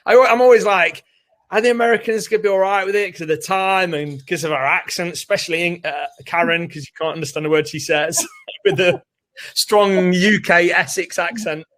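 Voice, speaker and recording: A British man with a somewhat high voice co-hosts a live online training session from his home. He talks in a casual, chatty, upbeat way, reading out names of people joining. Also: moderate pace, a bit bright. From United Kingdom. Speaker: co-host of a live training webinar. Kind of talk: casual live-stream chat. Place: home room with doors open.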